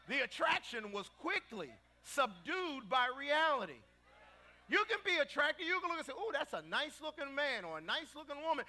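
A man preaching, his voice high and gravelly with a bright, forceful edge. He tells stories in a lively sermon style and rises to shouts at the peaks. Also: moderate pace. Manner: animated storytelling, shouting at peaks.

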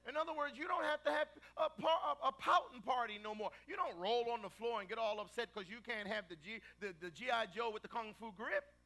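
A middle-aged man preaching a sermon, telling stories with animated swings and shouting at the peaks. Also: very high voice, fairly quick, few pauses.

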